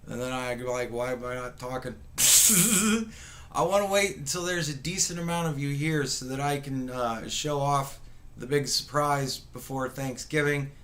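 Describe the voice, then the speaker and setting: A man's voice: medium pitch, normal speed, a bit bright. A man hosting a casual live stream, rambling and swearing, greeting viewers by name and poking fun at people with mocking impressions. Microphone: webcam setup with mic.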